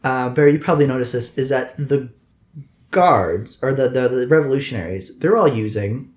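A man's voice: medium pitch, moderate pace. Man narrating a tabletop game, echoey. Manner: rambling, restarting descriptions. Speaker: game master. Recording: echoey room with faint noise.

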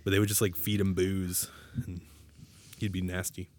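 A man's voice: deep voice, level tone, moderate pace, darkish tone, a little hiss or hum. A man co-hosting a podcast in casual chat, rambling, swearing and laughing between jokes. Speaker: podcast co-host.

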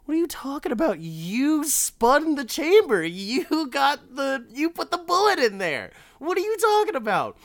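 Cocky male gambler, high-pitched and taunting, bright tone as a man puts him on. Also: sing-song, slow pace, no room sound, full character voice. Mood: indignant. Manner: mocking, taunting.

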